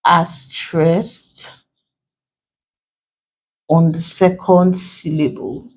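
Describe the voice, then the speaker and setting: A woman with a Nigerian English accent tutoring an exam-prep lesson, slow and deliberate, repeating key points as she writes on a board. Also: lowish voice, fairly even intonation, poor audio.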